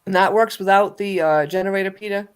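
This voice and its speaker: A man's voice: high-pitched, fairly even intonation, quick pace, clean tone. Man with short, laughing reactions. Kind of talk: casual chat.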